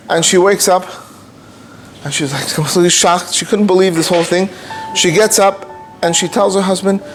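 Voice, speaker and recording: A man, a rabbi, telling a story in an animated way and mixing Hebrew and Yiddish terms into his talk. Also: high voice, normal speed, pauses often, soft background music. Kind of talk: storytelling lecture.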